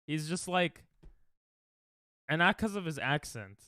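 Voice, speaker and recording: Slow-talking young male streamer. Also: a little high, lively intonation, sharp tone, no echo, clean studio sound. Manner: laid-back, laughing asides. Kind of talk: casual reaction commentary.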